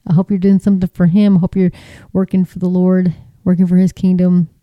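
A woman's voice: fairly low pitch, level tone, fairly quick, dry recording, highs cut off. A woman giving a casual Christian testimony, chatty and emphatic with folksy phrasing. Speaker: Christian speaker.

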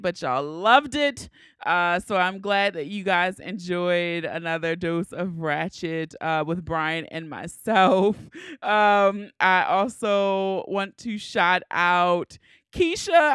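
A woman's voice: medium pitch, a bit bright, clean tone, dry recording, studio quality. A woman with a Baltimore accent hosting her podcast, chatty and frank, laughing often. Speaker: podcast host. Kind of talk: casual podcast chat.

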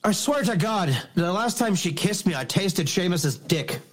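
A man voicing a jealous, crude Irish husband with a put-on Irish accent, slow and mocking. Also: high-pitched, animated, pitched above the performer's own voice. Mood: suspicious.

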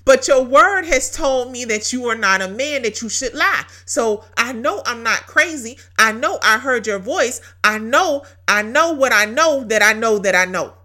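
A woman hosts a casual devotional talk in a bright, somewhat high voice. She tells her story in an animated way, laughing often and repeating key phrases for emphasis. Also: moderate pace, few pauses. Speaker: podcast host.

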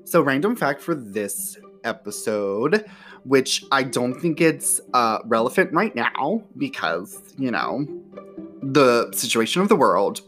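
A man's voice: mid-range voice, fairly bright tone. A man hosting a casual solo podcast from home, chatty and profane, with lots of fillers. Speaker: podcast host. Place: home near an airport.

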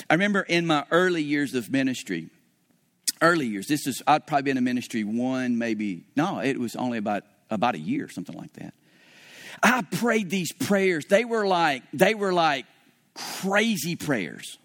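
A man's voice: on the high side, animated, normal speed, a bit bright. A man preaching a sermon as pastor, telling a story and acting out his own past dialogue.

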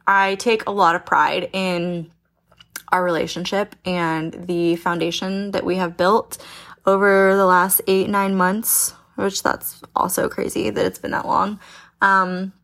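A young woman hosts her own podcast in loose, candid chat. Her voice has a gravelly fry and she takes her time, lacing her talk with swearing and constant "like" fillers. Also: fairly low pitch, level tone, unhurried, fairly bright tone. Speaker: podcast host. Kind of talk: casual chat.

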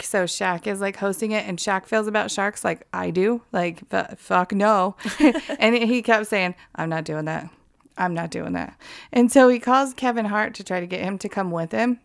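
A woman's voice: medium pitch, vocal fry, fairly bright tone, clean tone, dry recording, studio quality. A woman chatting casually, laughing often as she recalls funny scenes. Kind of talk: casual chat.

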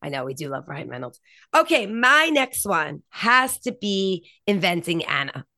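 A woman's voice: fairly low pitch, very animated, unhurried, pushed and bright, dry recording. Woman podcast cohost gushing about tv shows, laughs a lot, dry close sound. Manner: enthusiastic, laughs often. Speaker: podcast co-host. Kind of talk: casual chat about TV shows.

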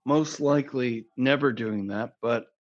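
Slow-talking joking man, lo-fi sound. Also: medium pitch. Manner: joking, crude, rambling. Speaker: podcast guest. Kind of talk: casual chat. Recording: dull lo-fi sound.

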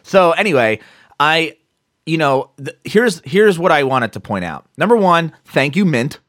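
A man's voice: on the high side, measured pace, dry recording. A man chatting casually on a podcast, telling a story as he acts out what people said. His voice swoops up and down with lots of life, and the sound is dry and close. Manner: animated storytelling with acted-out quotes and swearing. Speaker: podcast co-host.

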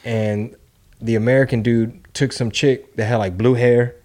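A man co-hosting a podcast in casual, profane political banter, often slipping into quick mocking impressions. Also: mid-range voice, level tone, a little mellow. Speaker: podcast co-host.

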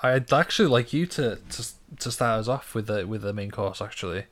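A man's voice: on the low side, animated, fairly quick, a bit bright, soft background music. A young man chatting casually, hesitant, stumbling and repeating words as he tells a story. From Britain. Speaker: podcast co-host. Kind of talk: casual chat.

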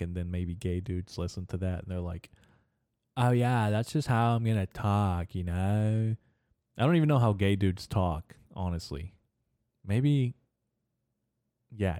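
A man's voice: low-pitched, warm tone, no room sound, clean studio sound. A young man hosting his own podcast, rambling crudely and profanely through a casual solo monologue and laughing at his own jokes. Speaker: podcast host.

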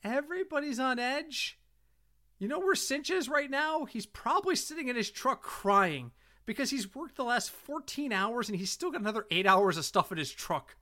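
A middle-aged man co-hosting a casual podcast, an animated storyteller who swears freely. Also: very high-pitched, moderate pace. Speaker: podcast co-host.

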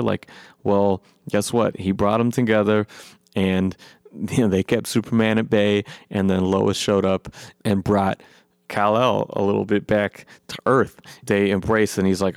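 A man excitedly recapping a film in a rambling, profane way, his voice worn from long talking. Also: lowish voice, a little slow, vocal fry, smooth, no echo, studio quality. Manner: enthusiastic, profane, rambling with many fillers. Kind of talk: excited movie recap monologue.

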